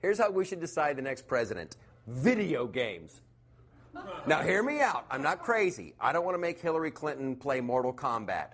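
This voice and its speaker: A man's voice: mid-range voice, big pitch swings, moderate pace, fairly bright tone. A man from the United States delivering a sarcastic stand-up comedy monologue, laughing at his own jokes.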